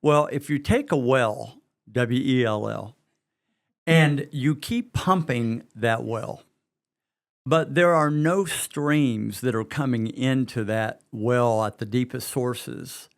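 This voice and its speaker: Middle-aged West Virginia man, podcast co-host, slow and earnest, repeats words as he thinks. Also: mid-range voice, gravelly. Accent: Southern US, West Virginia. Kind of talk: conversational podcast talk.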